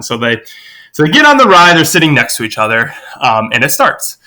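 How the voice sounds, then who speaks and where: A man guest on a podcast, telling a family anecdote in a lively, animated way. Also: normal speed. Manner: lively storyteller, acts out quoted voices with big pitch jumps.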